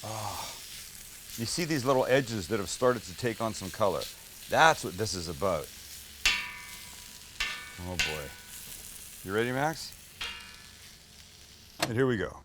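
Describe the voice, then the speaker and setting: A man's voice: fairly low pitch, expressive, unhurried, pauses often, background noise. A middle-aged man hosting a cooking show, talking casually and enthusiastically while he cooks, cracking jokes and swearing a little. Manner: enthusiastic, joking, mildly profane. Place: kitchen with a flat-top grill.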